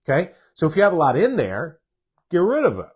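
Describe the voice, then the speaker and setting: A man's voice: a little high, huge pitch swings, fairly quick, a little mellow, husky. A man, a doctor hosting a live stream, casually answers viewer questions and stresses points by repeating words.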